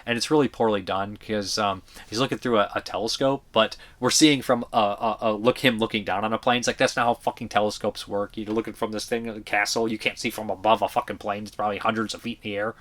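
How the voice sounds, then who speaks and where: A man's voice: lowish voice, steady tone, fast talker, hardly any pauses, fairly bright tone. A man giving blunt, profane, rambling movie reviews in a casual vlog, full of fillers and restarts. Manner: blunt opinionated talk.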